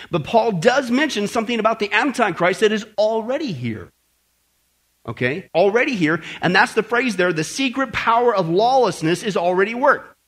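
With a high-pitched voice, a preacher delivers an animated, emphatic sermon on prophecy, repeatedly asking "okay?" and adding mocking asides.

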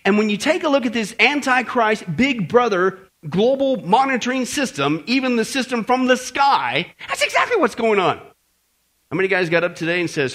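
A man preaching a prophecy sermon, emphatic and animated, often checking in with "okay?" and mocking asides. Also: high-pitched, a little fast.

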